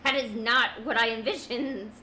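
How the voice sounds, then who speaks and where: Brief: young woman, high bright voice, giggly self-mocking streamer, faint room noise. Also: fairly even intonation, moderate pace, rough recording. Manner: giggly, self-mocking, talks to her cat. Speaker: streamer drawing from memory. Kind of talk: casual chat while drawing.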